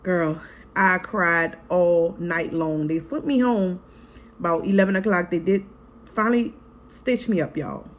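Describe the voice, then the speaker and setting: A woman's voice: lowish voice, a little slow. A woman vlogger and mother telling a story in a casual vlog, frank and profane, chatting straight to her viewers. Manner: chatty, frank and profane, keeps calling to viewers as "y'all" and "girl"; re-enacts scenes vividly in the retelling.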